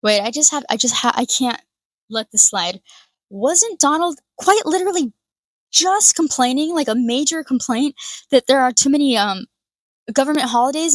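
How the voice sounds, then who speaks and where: A woman's voice: high-pitched, dry recording. A woman giving a profane, sarcastic reaction commentary, swearing often and mocking others in put-on voices.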